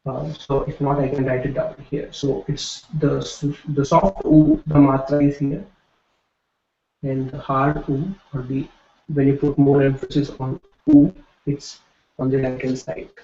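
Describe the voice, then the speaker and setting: A man's voice: medium pitch, little pitch movement, measured pace, gravelly, mellow. A man teaching a classroom lecture, explaining patiently and often checking in with "right?". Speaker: Hindi teacher. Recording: echoey room, dull lo-fi sound.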